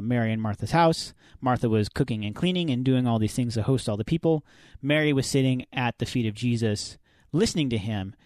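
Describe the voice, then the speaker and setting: A man's voice: medium pitch, a little mellow, no room sound, studio quality. A man co-hosting a faith podcast, talking through Bible passages in a conversational, explanatory way. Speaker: podcast co-host. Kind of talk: casual faith podcast discussion.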